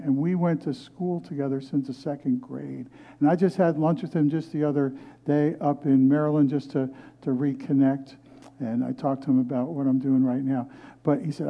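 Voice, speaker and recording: In a movie theater serving as a church, an older guest pastor gives a sermon testimony, earnestly telling his own story and frequently restarting his sentences. His voice sits on the high side with a steady tone and moderate pace, captured in lo-fi sound.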